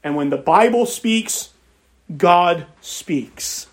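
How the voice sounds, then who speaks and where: A man's voice: high voice, lively intonation, extremely slow. A man preaching an expository sermon, reading scripture aloud and stressing key phrases by repeating them.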